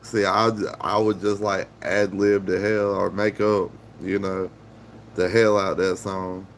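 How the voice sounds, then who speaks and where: A man's voice: low-pitched, level tone, measured pace, a little hiss or hum. A man chatting casually and jokingly on a live stream, rambling and swearing freely.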